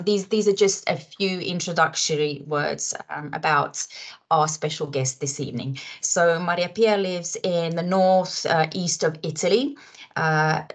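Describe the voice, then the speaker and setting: A woman from Croatia co-hosts an online webinar, speaking in a deep, low voice. She sounds friendly and laughs often, filling her pauses with "um". It comes through a video call mic. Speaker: webinar co-host. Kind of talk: webinar hosting.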